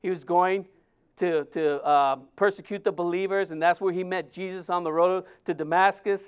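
Male pastor, sermon, emphatic, conversational, smooth clear voice. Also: high-pitched, fairly even intonation, moderate pace. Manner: conversational, emphatic, acts out quotes.

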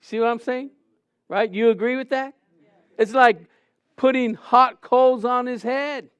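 A man's voice: very high voice, fairly even intonation, unhurried, fairly bright tone, smooth, no room sound, muffled recording. A middle-aged man preaching a sermon, questioning the congregation and acting out stories.

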